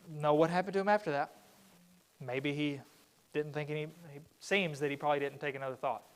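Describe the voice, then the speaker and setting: A man teaching a Bible study at church, with a voice that sits somewhat high. He talks casually and breaks off to restart his sentences. When he quotes people, he acts them out with more lift. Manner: conversational, with frequent restarts and fillers; acts out quoted speakers in a livelier voice. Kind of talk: Bible class lesson. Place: church classroom.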